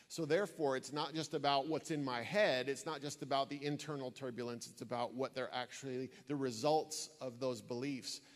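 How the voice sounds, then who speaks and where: Before a church audience in a large hall, a man preaches in earnest, weaving stories and emphatically repeating key phrases. His voice is mid-range.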